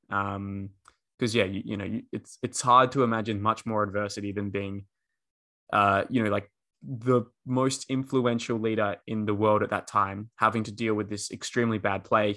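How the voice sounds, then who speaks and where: A man's voice: fairly low pitch, a bit bright. A man co-hosting a podcast, chatting casually with many fillers and restarts. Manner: rambling, many ums and restarts. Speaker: podcast co-host. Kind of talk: casual chat.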